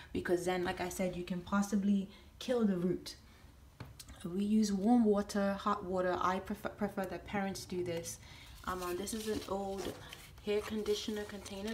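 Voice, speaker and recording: A woman's voice: on the low side, slight background noise. A woman talking casually at home, explaining things step by step with many ums and restarts. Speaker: vlogger and pet owner.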